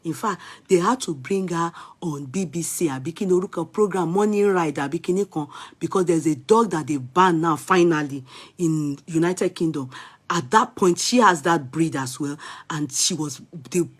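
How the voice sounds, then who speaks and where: A middle-aged woman with a Nigerian accent, telling a personal story in a casual vlog, animated and dramatic, with soft asides. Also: on the low side, normal speed, slightly rough. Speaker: vlogger.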